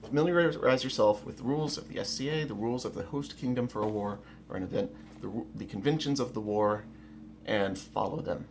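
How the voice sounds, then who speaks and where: Man at home explaining melee tactics; gravelly, mid-range voice, blunt and repetitive. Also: medium pitch, fairly quick, a little mellow, a little hiss or hum. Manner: emphatic, blunt, repeats key words, restarts often. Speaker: rapier melee instructor. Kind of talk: casual instructional talk to camera. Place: at home, indoors.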